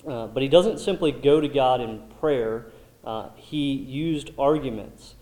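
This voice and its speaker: A man leads a Bible study group in a warm, unhurried, medium-pitched voice. He's thoughtful but full of ums and restarts, and the recording has a roomy echo.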